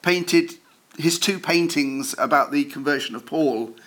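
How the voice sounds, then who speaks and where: Guy giving a sermon at church, bit higher voice, chatty, lots of uhs and restarts, jokes about himself. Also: a little slow, a bit bright. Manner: conversational, self-deprecating asides with frequent fillers and restarts. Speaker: preacher. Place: church service.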